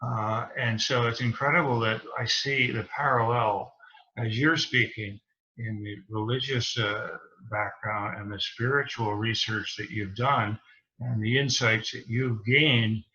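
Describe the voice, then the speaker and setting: This man is a reverend hosting a live interview. He has a bright, tense edge and middle pitch, and he keeps affirming his guest with enthusiasm. His audio is dull and lo-fi. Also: fairly even intonation, measured pace. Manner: enthusiastic, affirming, frequent backchannels.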